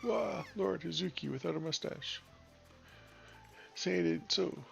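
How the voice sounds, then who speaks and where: A man's voice: on the high side, measured pace, vocal fry, muffled recording, faint music behind, pitched above the performer's own voice. A man voicing a distraught woman co-host who wails dramatically. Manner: wailing, dramatic.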